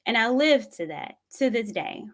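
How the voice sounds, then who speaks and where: A woman's voice: fairly high pitch, animated, normal speed, fairly bright tone. A woman from Tennessee, telling a personal story in an earnest, reflective way as a vlogger. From Tennessee, USA.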